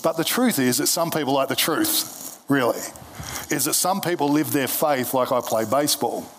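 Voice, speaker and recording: A man's voice: medium pitch, normal speed, a little hiss or hum. A man preaching a casual, jokey sermon at a church service, often restarting his sentences. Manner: conversational, jokey, with many restarts. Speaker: pastor.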